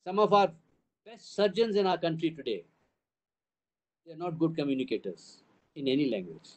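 A man's voice: fairly high pitch, animated, moderate pace, a little mellow. An older man with an Indian English accent giving a town hall address to parents as a school trust's chief, emphatic, building points through repeated phrases and rhetorical questions.

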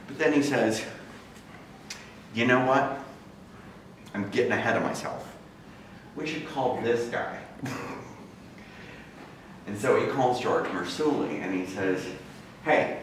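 A man giving a talk to an audience, telling his story in a casual, conversational way and acting out the voices of people he quotes. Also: medium pitch. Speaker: guest speaker. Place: large campus lecture room. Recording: very echoey room, speaker far from mic, faint noise.

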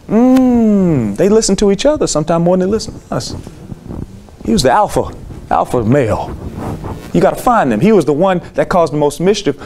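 A man giving a lively talk to teachers, telling classroom stories and leading call and response. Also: medium pitch, a little hiss or hum. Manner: lively storytelling with call and response, acts out students. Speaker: teacher speaking to educators.

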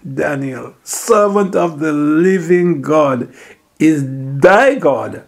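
A man preaching a sermon, slowly retelling a scripture story, repeating phrases for emphasis and acting out the characters' words. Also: fairly high pitch, gravelly. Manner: acts out the king's and Daniel's words.

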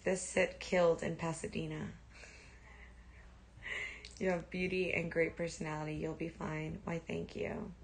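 A woman's voice: deep voice, flat delivery, measured pace, creaky, pauses often, a little hiss or hum. A young woman casually chatting on a livestream, reading and answering viewer comments and swearing now and then. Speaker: livestream host.

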